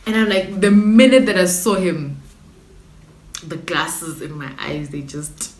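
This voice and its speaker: A young woman with a South African accent tells a story to her vlog audience in a lowish voice, slangy and animated with sudden dramatic outbursts. The sound carries the echo of a bare room, with a faint hiss underneath. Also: unhurried. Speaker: YouTuber. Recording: echoey room with faint noise.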